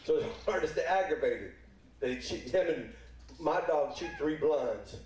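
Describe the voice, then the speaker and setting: High-voiced preacher in an echoey church. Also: male voice, lively intonation, a little slow, darkish tone, recorded from a distance. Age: middle-aged. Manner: folksy, playful, acts out little voices. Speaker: pastor. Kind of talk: sermon. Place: church sanctuary. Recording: echoey church hall, speaker away from mic.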